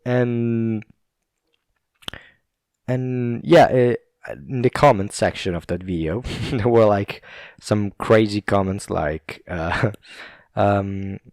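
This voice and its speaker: A man's voice: on the low side, slow, long pauses, a little mellow, no room sound, clean studio sound. A young Italian man with an Italian accent hosting a casual solo podcast, rambling, chuckling and swearing loosely. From Italy. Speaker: podcast host.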